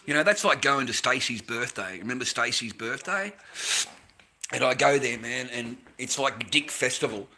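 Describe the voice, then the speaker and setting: Aussie bloke ranting about a party, swears constantly, bright sharp voice, says mate every other line. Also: male voice, mid-range voice, moderate pace, slight background noise. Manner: profane, blokey, repeats "mate" and "bro". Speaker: storyteller. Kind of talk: casual crude storytelling.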